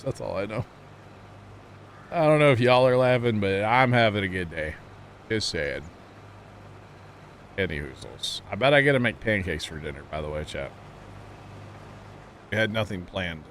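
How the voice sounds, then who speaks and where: A man's voice: fairly low pitch, expressive, normal speed, pauses often, fairly bright tone. Man, game streamer, chatty, self-teasing, laughs a lot, faint background noise. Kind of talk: casual chat with viewers while gaming.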